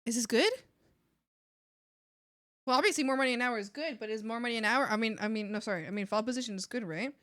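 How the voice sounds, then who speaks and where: A woman's voice: on the high side, quick pace, long pauses, fairly bright tone, dry recording, studio quality. A young adult woman streaming while she draws, chatting casually and gushing, sometimes squealing or whispering. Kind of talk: casual chat while drawing.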